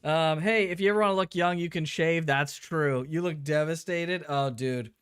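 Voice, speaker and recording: A young man co-hosting a casual live stream, excitable and quick to exclaim and laugh. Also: fairly high pitch, clean tone. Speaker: co-host.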